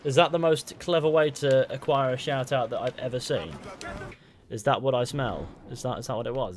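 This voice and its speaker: A man's voice: medium pitch, fairly quick, slight background noise. A man doing casual, sweary live commentary while playing a game and bantering with his chat. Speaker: streamer.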